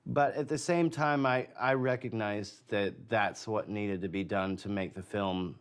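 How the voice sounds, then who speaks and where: A man being interviewed, a filmmaker recalling the casting of a film, talking in a measured, hesitant way. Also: fairly low pitch, clean tone. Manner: measured and hesitant, with many uh and you know. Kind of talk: interview reminiscence.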